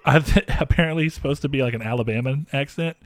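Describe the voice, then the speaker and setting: A man's voice: medium pitch, quick pace, no echo. Rambling Southern man podcast host. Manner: rambling, laughs often, many fillers. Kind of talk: casual chat.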